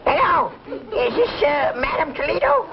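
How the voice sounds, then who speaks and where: A man voicing a simple backwoods yokel who talks haltingly, full of "uh". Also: very high voice, sing-song, a loud crowd, very noisy, pitched above the performer's own voice, full character voice. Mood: bumbling. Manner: hesitant, halting with "uh". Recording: muffled old TV sound, loud studio audience.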